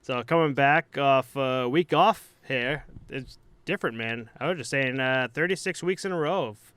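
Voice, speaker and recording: Smooth-voiced man hosting a casual podcast. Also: mid-range voice, normal speed, a bit bright. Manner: rambling anecdotal storytelling with swearing. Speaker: podcast host.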